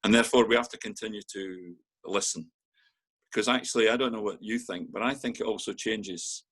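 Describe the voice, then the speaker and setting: Older guy, low husky voice, lots of ums and restarts, chatty interview. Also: fairly quick, fairly bright tone. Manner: hesitant, many fillers and restarts. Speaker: council chief executive. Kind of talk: casual interview chat.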